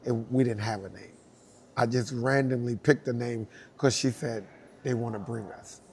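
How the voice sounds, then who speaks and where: Guy telling a funny story, acts out all the lines, laughs a lot, middle pitch. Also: moderate pace, vocal fry. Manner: animated, acts out dialogue, laughs often. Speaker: dancer guest. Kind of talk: storytelling anecdote.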